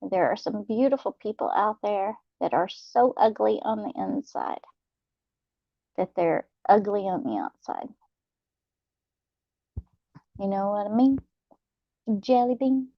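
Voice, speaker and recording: A young adult woman, hosting a late-night live chat, talking softly and laughing often. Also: mid-range voice, creaky, no echo, lo-fi sound. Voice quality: soft, slow, laughs often. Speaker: channel host reading live chat.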